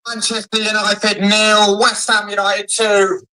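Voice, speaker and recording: Man, angry football fan rant, sweary, bright tense voice. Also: high-pitched, completely flat delivery, measured pace, poor audio. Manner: furious, sweary ranting. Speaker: fan reaction creator.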